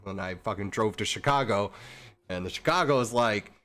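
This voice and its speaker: A man with a lowish, fairly bright voice streams a game and talks briskly, with faint music behind him. His casual chat rambles, swears freely, and keeps restarting.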